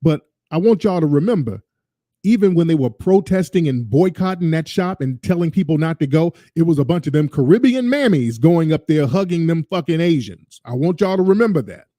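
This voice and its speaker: A man's voice: on the high side, lively intonation, a little fast, mellow, no echo, studio quality. Ranting male show host. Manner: ranting, sarcastic, mimics voices. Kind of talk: commentary over a played clip.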